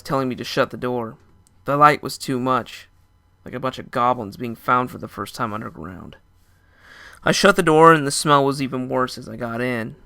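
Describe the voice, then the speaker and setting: A man's voice: mid-range voice, sharp tone, clean tone. A young man narrating a first-person story in a casual, dramatic way. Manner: casual, dramatic, with short laughs.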